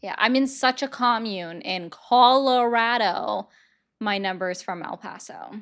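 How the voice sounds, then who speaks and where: A woman hosting a casual live-stream chat, talking in a chatty, sarcastic way with quick asides. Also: mid-range voice, a bit bright. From United States. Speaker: host.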